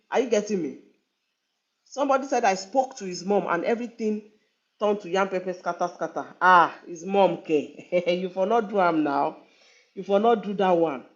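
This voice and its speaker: A woman giving a live online talk, earnest and conversational, repeating phrases for emphasis. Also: on the low side. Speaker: relationship speaker. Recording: dull lo-fi online stream.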